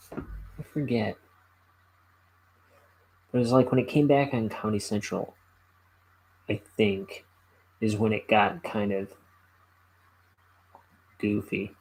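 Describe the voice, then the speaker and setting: Casual solo host, slow-spoken man, gravelly voice, halting and rambling. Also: medium pitch, darkish tone, low-quality recording. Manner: rambling, halting, with many fillers. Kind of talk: casual chat.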